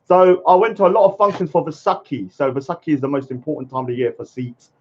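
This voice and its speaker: A man chatting casually on a live stream, rambling and halting with many fillers and greeting viewers by name. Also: on the high side, steady tone. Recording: muffled lo-fi stream audio.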